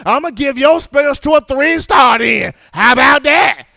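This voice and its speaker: A man putting on a fired-up male strength coach who barks taunts in a raised, high-pitched yell. The voice is loud and pushy, hammering his players without letup. It sits in a close, dry sound. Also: lively intonation, moderate pace, gravelly, dry recording, heavily acted. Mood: shouting. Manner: shouting, taunting, hyped up.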